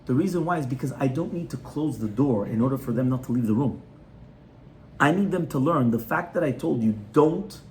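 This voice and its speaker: A rabbi with a fairly high, slightly mellow voice teaches a small home gathering about child education in the Torah. He talks conversationally and often asks "right?" to keep listeners with him, over slight background noise.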